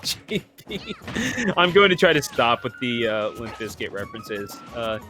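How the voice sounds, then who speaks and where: A man commentating an online video game tournament play-by-play, excitable and joking, laughing often. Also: medium pitch, measured pace, faint music behind. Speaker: esports commentator.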